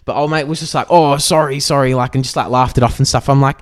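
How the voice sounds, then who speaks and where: A man's voice: mid-range voice, rapid-fire. A man with an Australian accent co-hosting a podcast, telling stories animatedly with plenty of swearing. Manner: animated storyteller, swears freely. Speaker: podcast co-host. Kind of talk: casual podcast chat.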